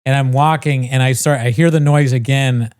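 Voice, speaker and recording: A man's voice: medium pitch, steady tone, moderate pace, a little mellow. A man co-hosting a podcast, casually telling a long story, swearing freely and mimicking the people in it. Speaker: podcast co-host.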